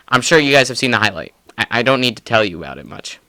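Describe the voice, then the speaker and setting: Casting: young male podcast co-host, excitable and profane, clear bright tone. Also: mid-range voice, fast, few pauses, no room sound. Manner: excitable, profane, laughs often. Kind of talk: casual sports chat.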